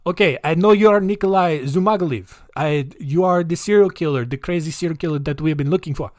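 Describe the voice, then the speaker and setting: A man voices a stern Russian police colonel with a jokey Russian accent. The voice is a touch high and sounds dry and close. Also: fast talker, a little mellow, no room sound, lightly acted. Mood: accusing.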